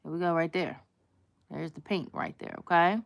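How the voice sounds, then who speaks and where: A woman talks her viewers through a nail tutorial. Her voice sits a touch low. She is sassy and chatty and throws slang at her audience as she works. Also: normal speed, vocal fry. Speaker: nail content creator. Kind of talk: casual nail tutorial chat.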